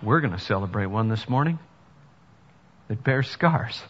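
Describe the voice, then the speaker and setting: A pastor preaches a sermon in a church sanctuary, earnest at first and then emphatic. His fairly low voice is animated and unhurried, a bit bright with a breathy edge, and the dull recording rings with long hall reverb.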